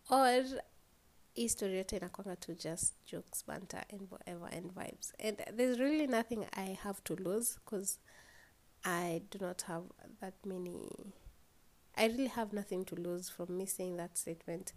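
A woman's voice: medium pitch, moderate pace, darkish tone. Young woman, Kenyan accent, solo podcast host; tired and yawning, rambles casually, mid-range voice. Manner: rambling, swears freely, switches between English and Swahili.

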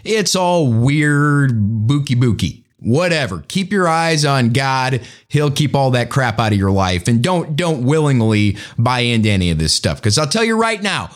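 A man's voice: mid-range voice, big pitch swings, unhurried, hardly any pauses. Blunt, sarcastic male commentary host. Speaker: show host. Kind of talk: casual opinion commentary.

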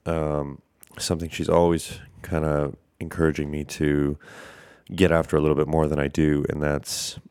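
A man's voice: very deep voice, little pitch movement, moderate pace, a little mellow, clear, resonant tone, dry recording, studio quality. A man hosting a casual podcast, rambling and hesitant with many fillers, congested and tired, breathing through his mouth. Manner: rambling, hesitant, lots of fillers, self-deprecating. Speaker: podcast host.

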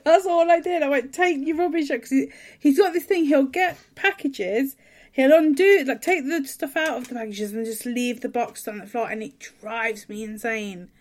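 A woman with a fairly high voice chats on a podcast. She sounds exasperated as she teases her partner. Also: moderate pace, a little mellow. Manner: exasperated, teasing. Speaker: podcast guest. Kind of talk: casual chat.

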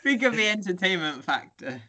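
A man's voice: sits high, big pitch swings, moderate pace, pushed and bright. Easygoing young man chatting. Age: young adult. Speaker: podcast co-host. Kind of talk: casual chat.

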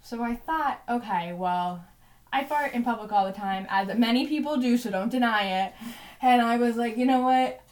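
Young woman, podcast co-host, casual storyteller, slightly high voice, filler-heavy delivery. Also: normal speed. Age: 20s. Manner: chatty, heavy use of "like" and "you know".

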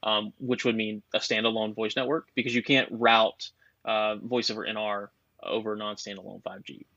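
A man's voice: lowish voice, level tone, moderate pace, pushed and bright, no echo. Man talking over dull lo-fi audio. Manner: rambling, explanatory, with many fillers and restarts. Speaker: guest expert on cell networks. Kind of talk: casual podcast chat.

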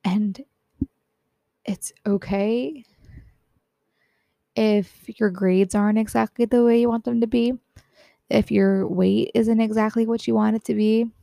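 A teenage girl talks earnestly and gently, tired and close to tears, with frequent self-conscious laughs. Her voice has a slight gravelly edge. It sounds dry and close, with no room around it. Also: medium pitch, no room sound. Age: teens. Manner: earnest, self-deprecating, laughs often, soft-spoken. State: tired and teary. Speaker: podcast host. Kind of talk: personal reflective talk.

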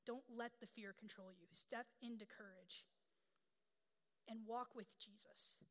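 A woman's voice: a little high, steady tone, unhurried, a bit bright. A woman pastor in her thirties preaching a sermon in a candid, conversational storytelling way. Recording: long hall reverb.

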